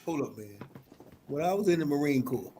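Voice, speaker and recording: Older Southern man, high voice. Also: expressive, fairly quick, creaky, mellow, slight background noise. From American South. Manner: rambling storyteller, keeps saying "hold up, man". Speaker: panel guest, Marine veteran. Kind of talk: casual panel discussion.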